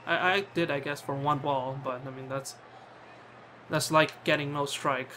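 Guy gaming and chatting, bright kinda high voice, swears a lot, ribs his player. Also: fairly even intonation, unhurried, slight background noise. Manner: bantering, swears often, talks to his in-game player. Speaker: gamer playing a cricket video game. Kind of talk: casual gameplay commentary.

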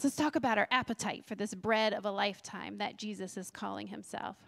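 A woman's voice: mid-range voice, brisk, creaky, a bit bright. A woman pastor preaching a sermon in a chatty, bubbly way, laughing often and asking the congregation questions. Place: church sanctuary.

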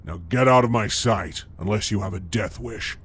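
A man doing a deep, menacing beast. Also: fairly bright tone, breathy edge. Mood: contemptuous. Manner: slow, threatening, contemptuous. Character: huge menacing male wolf-like beast, snarling. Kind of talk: storybook horror narration.

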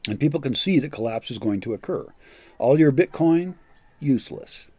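Older man, blunt ranting vlogger, profane, dark mellow tone, husky, dry close sound. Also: mid-range voice, animated, normal speed, dry recording. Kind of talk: ranting monologue.

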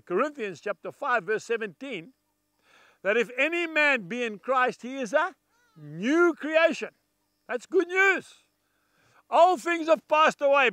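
A man's voice: high-pitched, sharp tone, dry recording. A man preaching a televised sermon in an emphatic, folksy manner, repeating key phrases and speaking straight to the viewers. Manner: addresses viewers directly with asides.

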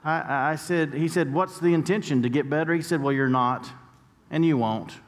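His voice fairly high and his pace moderate, an American male pastor delivers a storytelling sermon that surges to emphatic moments. The sanctuary adds a long, echoing hall reverb.

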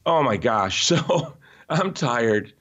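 A man being interviewed, telling stories in an animated, emphatic way with frequent restarts. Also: mid-range voice, slow, highs cut off. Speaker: interview guest. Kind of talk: conversational podcast interview.

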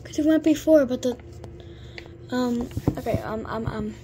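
A woman's voice: a little high, measured pace, background noise. A girl giving chatty gameplay commentary, full of fillers and sudden exclamations. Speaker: gamer.

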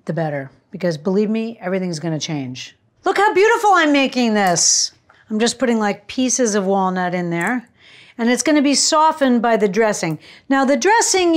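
A woman's voice: mid-range voice, darkish tone. A woman hosting a cooking show, chatting to viewers in a gushing, casual way as she demonstrates a recipe.

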